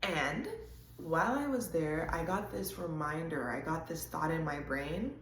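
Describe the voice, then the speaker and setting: A woman hosts a casual intuitive reading, talking to viewers in a chatty, animated way with quick asides. Her voice sits a little low. The room gives it a noticeable echo, with a faint hum of ambience. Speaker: host.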